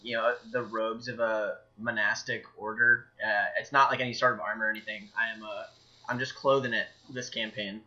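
A man's voice: fairly low pitch, little pitch movement, fairly quick, bright, forceful tone, lo-fi sound. A man playing in a tabletop game who talks with dry humor. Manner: dry joking. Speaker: player. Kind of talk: casual tabletop play.

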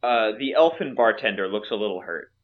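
A man narrating a tabletop game as game master, halting with many fillers. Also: lowish voice, animated, phone-quality sound.

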